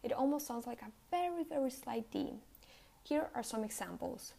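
A woman with an American accent teaching a pronunciation lesson, saying example words slowly and deliberately. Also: on the high side, vocal fry, warm tone. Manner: slow, deliberate, over-articulated example words.

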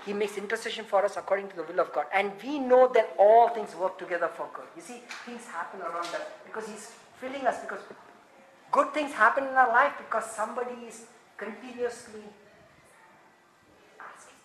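Lively man preaching, high voice, laughs a lot, super echoey church hall. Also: fairly quick, slight background noise. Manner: animated, laughing, acts out quotes. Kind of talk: sermon.

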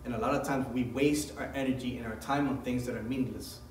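A man's voice: medium pitch, steady tone, fast talker, roomy sound, far from the mic, a little hiss or hum, low-quality recording. A man preaching as a pastor, reading scripture aloud and then explaining it with rising emphasis. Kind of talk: sermon.

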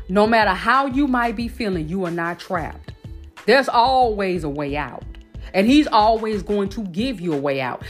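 A woman hosting a faith podcast, talking straight to her listeners in an emphatic, preaching manner. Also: medium pitch. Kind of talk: casual faith talk, preaching.

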